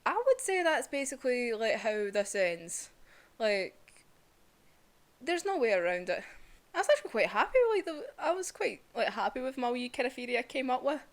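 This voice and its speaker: Young woman gushing over a manga chapter, fairly high voice, lots of "like"s. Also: normal speed. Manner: gushing, excitable, filler-heavy. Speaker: manga reviewer. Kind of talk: casual chapter review.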